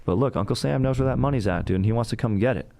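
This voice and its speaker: A man's voice: mid-range voice, rapid-fire, gravelly, dark tone, no echo. A man hosting a comedic history podcast, telling it in a rambling, joking and profane way. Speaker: podcast host. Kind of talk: casual comedic history talk.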